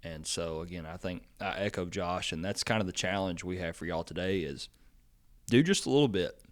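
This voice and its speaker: A man with a fairly low voice hosts a casual agriculture podcast as an extension agent, talking fairly quickly. He rambles through stories with lots of "you know" and "um," and his voice lifts when he gets excited.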